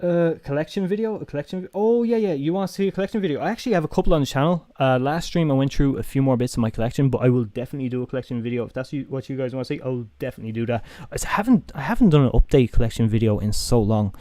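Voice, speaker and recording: A man's voice: medium pitch, racing, few pauses, dark tone, no echo. A young Irish man with a toned-down Dublin accent, chatting casually on a live stream, swearing freely and restarting his sentences. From Ireland.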